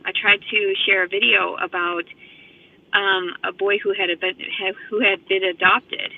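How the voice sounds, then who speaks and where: A woman's voice: medium pitch, little pitch movement, measured pace, creaky. A woman rambling to her phone camera in an agitated, profane monologue, a little out of breath. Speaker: vlogger. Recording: tinny phone-like audio.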